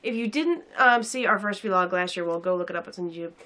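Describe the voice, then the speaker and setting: A woman's voice: lowish voice, quick pace, pushed and bright. A young woman casually reviewing a film in a sarcastic, rambling way with many fillers.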